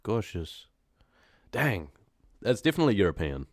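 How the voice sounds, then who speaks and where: A man's voice: deep voice, moderate pace, dry recording, studio quality. A young man with a New Zealand accent, chatting casually and slangily with his live-stream viewers between horror story readings, often laughing.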